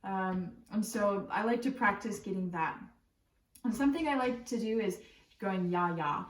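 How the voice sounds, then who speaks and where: A woman voice teacher explaining warm-ups in a relaxed, chatty way, with frequent ums and likes. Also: medium pitch, moderate pace. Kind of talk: casual spoken singing lesson. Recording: roomy echo from a distant mic.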